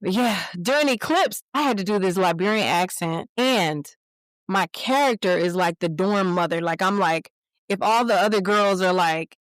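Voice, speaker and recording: A woman's voice: medium pitch, normal speed, no echo. A woman actress, a guest who speaks expressively and swoops into playful voices in a casual chat. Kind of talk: casual conversation.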